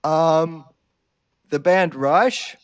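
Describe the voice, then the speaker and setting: A man hosting a podcast, teasing his co-host in dry, halting casual banter. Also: on the high side, smooth.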